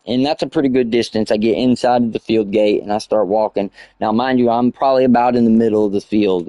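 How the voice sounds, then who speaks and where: A man on a live game stream, casually telling a story in a profane, excitable way. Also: fairly low pitch, no echo. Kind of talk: casual storytelling while gaming.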